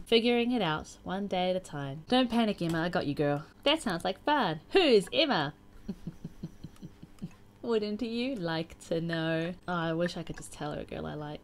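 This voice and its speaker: A woman's voice: lowish voice, animated, moderate pace, faint music behind. A young woman casually commenting on a game she is playing and reading its chat messages aloud in a playful, chatty way. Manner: chatty and playful, reacting with sighs and laughs. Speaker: gaming YouTuber.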